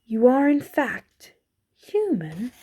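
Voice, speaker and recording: A woman voicing a polite, nervous male faun in a storybook reading, courtly and excitable with stammering apologies. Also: sits high, slow, slight background noise, heavily acted. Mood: fluttery, polite.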